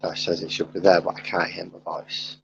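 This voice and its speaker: A man's voice: deep voice, level tone, a little fast, gravelly, a bit bright, muffled recording, slight background noise. A man chatting casually on a live stream while he sets up his hobby gear, muttering to himself as he fiddles with things, on a wired headset. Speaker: streamer painting miniatures.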